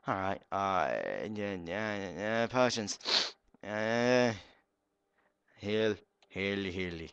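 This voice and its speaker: A young man giving goofy, excitable commentary while streaming a game live. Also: on the low side, extremely slow, pauses often, clean tone, dry recording, highs cut off.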